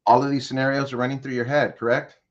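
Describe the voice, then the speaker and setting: A male guest consultant with a mid-range voice talks fast in a level tone, and the recording sounds lo-fi. In an interview, he guides the host through an imagined scenario, checking in with direct questions as he tells the story.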